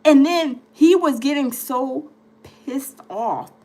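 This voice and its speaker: A woman hosts a casual live gossip stream in a high, animated voice. She addresses her viewers directly as she tells stories and reads news items aloud, stumbling through restarts and fillers along the way. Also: slow pace, soft background music. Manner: animated, chatty storyteller, talks to viewers as "y'all". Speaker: gossip livestream host.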